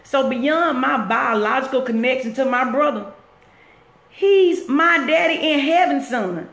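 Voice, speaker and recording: A woman's voice: high voice, measured pace, fairly bright tone. Earnest woman preaching on a live stream. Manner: earnest and preachy, repeats herself. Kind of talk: casual live-stream talk. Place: at work, roomy space. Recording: echoey room.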